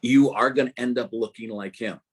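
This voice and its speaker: A man's voice: medium pitch, steady tone, moderate pace, slightly rough. An older man being interviewed as a guest author on a video call, talking in a rambling way with many restarts and fillers. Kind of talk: casual interview about prayer.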